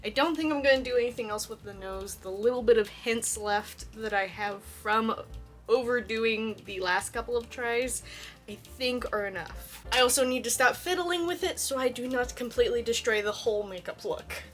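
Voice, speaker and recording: Brief: young woman, bright-voiced cosplay vlogger, chatty and self-deprecating, faint music underneath. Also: on the high side, normal speed. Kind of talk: casual tutorial narration.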